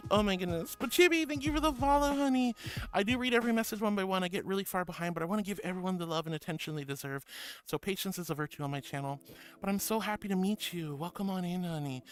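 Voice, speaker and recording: A male VTuber streamer reading out chat messages and thanking viewers in a gentle, affectionate way, calling them honey and sweetie. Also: high-pitched.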